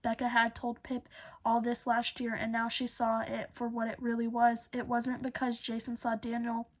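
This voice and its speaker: A woman narrating a novel chapter as an audiobook, steady with occasional slips. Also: a little high, moderate pace. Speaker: audiobook reader.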